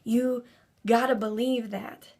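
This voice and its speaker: A woman's voice: on the high side, fairly even intonation, slow pace, a little mellow. A woman giving an earnest devotional talk to camera, building to emphatic preaching. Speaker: Christian speaker.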